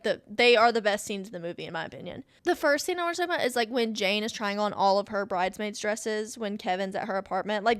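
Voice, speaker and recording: A woman's voice: fairly high pitch, a bit bright, clear, resonant tone, no room sound. A young woman hosts a podcast and gushes over a favorite movie, full of fillers and squealing bursts. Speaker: podcast host. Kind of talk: excited movie review chat.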